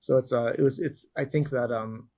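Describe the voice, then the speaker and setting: A man's voice: medium pitch, steady tone, normal speed, darkish tone. A middle-aged man, a guest in an interview, telling long stories with many restarts and self-corrections. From Canada. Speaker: guest, former champion wrestler. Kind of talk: storytelling interview answers.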